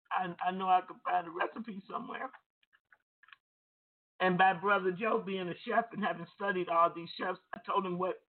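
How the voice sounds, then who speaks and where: A man preaching, retelling a phone call as dialogue and repeating words as he goes. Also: high voice. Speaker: pastor. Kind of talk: storytelling sermon. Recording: tinny phone-like sound.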